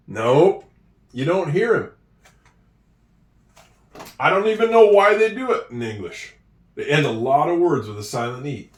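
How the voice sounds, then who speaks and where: A man teaching handwriting and spelling at a board, with slow, encouraging talk and drawn-out words. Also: a little high, animated. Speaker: English teacher. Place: room with a whiteboard. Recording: echoey room, voice from a distance.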